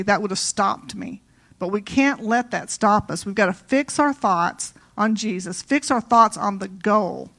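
Woman, middle-aged, informal sermon, chatty and folksy, slightly high voice. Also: fairly bright tone. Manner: conversational, folksy, many "you know" asides. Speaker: preacher. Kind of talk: informal sermon with personal stories.

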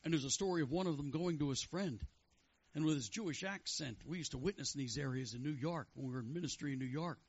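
A man's voice: a little high, quick pace, breathy edge. A man preaching a sermon and delivering prophetic words, fervently calling out praise and questions to the congregation. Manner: fervent, chanting praise and call-outs. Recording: dull lo-fi sound.

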